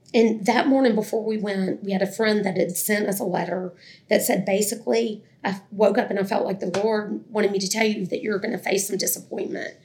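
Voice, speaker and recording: A middle-aged woman recounts her own story with earnest candor. Her voice is gravelly and sits at an ordinary pitch. She often quotes other people's words as she talks. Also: darkish tone. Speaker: guest telling her adoption story. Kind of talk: emotional personal storytelling.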